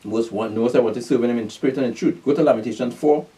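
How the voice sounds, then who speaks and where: A man's voice: medium pitch, quick pace, warm tone, distant mic. A man preaching a sermon, reading verses aloud and repeatedly quizzing his listeners and telling them to pay attention. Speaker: street preacher. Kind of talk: scripture teaching sermon.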